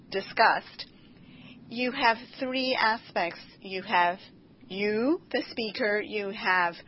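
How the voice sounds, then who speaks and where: A woman interviewer asking a question, halting and thinking aloud. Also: medium pitch, a little hiss or hum. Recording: dull, distant recording.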